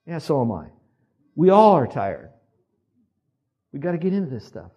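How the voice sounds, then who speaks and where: An older man, a pastor, preaching a lively sermon and acting out the voices he quotes. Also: fairly high pitch, normal speed. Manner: animated, acts out quoted voices, asks the congregation to repeat.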